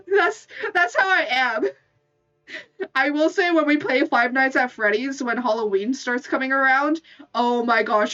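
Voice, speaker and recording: A woman's voice: high voice, takes it slowly, bright, forceful tone. A woman streamer chatting casually with her viewers, giggling often and filling her talk with "like". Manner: giggly, full of "like" fillers. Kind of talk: casual livestream chat. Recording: distant dull mic with faint music.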